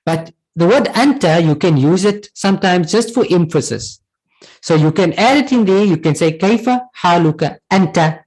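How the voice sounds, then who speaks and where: A male language teacher running a class, his pitch rising and falling a lot as he explains. He talks patiently, repeats each word and keeps asking "right?" to check the class follows. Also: a little mellow, breathy edge, low-quality recording. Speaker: Arabic teacher. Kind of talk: online class lesson.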